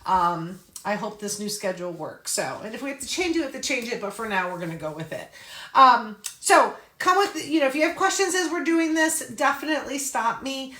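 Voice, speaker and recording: Upbeat woman teaching a live craft class, fairly high voice, roomy echo. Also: sharp tone. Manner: chatty, upbeat, greets viewers by name. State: out of breath. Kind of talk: live-stream craft tutorial.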